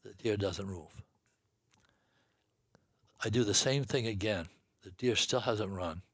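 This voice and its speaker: A man's voice: on the low side, takes it slowly, slightly rough, dry recording, studio quality. An older man from the northeastern United States, a guest telling a long hunting story in a folksy way, laughing between lines. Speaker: guest hunter. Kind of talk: storytelling in casual chat.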